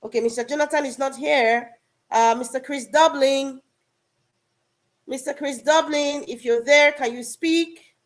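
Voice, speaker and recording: Woman, somewhat high pitch, earnest chat-room speaker, addresses people directly. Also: fairly even intonation, a little slow. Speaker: online political discussion participant. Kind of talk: live audio room discussion.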